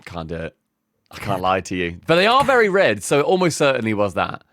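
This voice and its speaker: A man's voice: lowish voice, wildly swooping pitch, a little fast, fairly bright tone, dry recording. A young man co-hosting a casual podcast, bantering in a laid-back, dry way. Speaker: podcast co-host. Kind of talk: casual chat.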